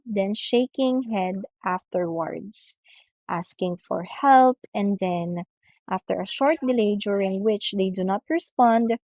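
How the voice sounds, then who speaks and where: Female teacher, lecture delivery, steady step-by-step explaining, dull dry recording. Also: mid-range voice, no room sound. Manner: explains step by step, often says okay. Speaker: English teacher. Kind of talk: online lecture.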